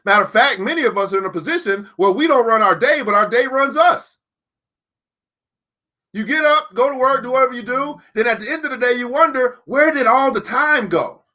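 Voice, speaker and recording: High, bright-voiced man preaching motivation. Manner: emphatic, preacher-like, repeats key lines slowly; addresses listeners directly as beautiful people. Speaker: teacher and book club host. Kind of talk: motivational teaching talk.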